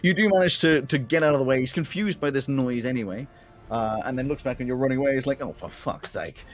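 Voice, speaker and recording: A man narrating as game master of a tabletop game, describing action in quick, laughing bursts. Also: mid-range voice. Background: faint fight music.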